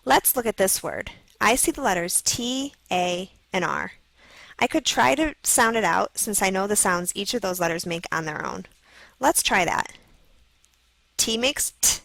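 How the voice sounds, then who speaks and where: A woman narrating a scripted phonics video for children, slowly sounding out letters and words. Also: medium pitch, fairly bright tone, dry recording, low-quality recording. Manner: slow, clearly sounding out letters.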